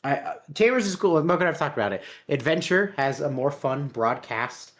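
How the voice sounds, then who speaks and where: A podcast co-host in loose, casual chat, with a mid-pitched voice that sits neither high nor low. They ramble and swear in nearly every sentence, with frequent laughter. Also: expressive, brisk, fairly bright tone.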